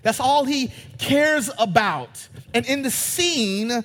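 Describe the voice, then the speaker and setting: Brief: male pastor, lively and joking, high voice, long hall reverb. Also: slow pace. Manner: animated, joking, retells scenes in character voices. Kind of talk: sermon. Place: church sanctuary.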